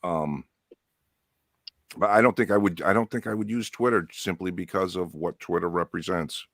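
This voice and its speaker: A man's voice: low voice, normal speed, a bit bright, no echo, studio quality. A man co-hosting a podcast, joking crudely and sarcastically with mock outrage. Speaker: podcast co-host. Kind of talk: crude joking pub banter.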